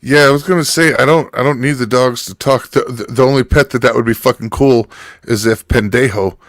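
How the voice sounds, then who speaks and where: A man's voice: mid-range voice, fairly quick, a bit bright, no room sound. Profane storytelling man, dry sound. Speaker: podcast co-host. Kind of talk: casual chat.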